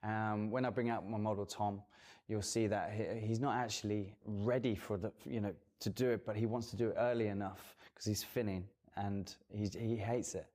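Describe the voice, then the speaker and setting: A man's voice: lowish voice, steady tone, moderate pace, a little mellow. A man who works as a hairdresser, giving a guest interview in a casual chat and explaining earnestly at length with fillers. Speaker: guest hairdresser and salon owner.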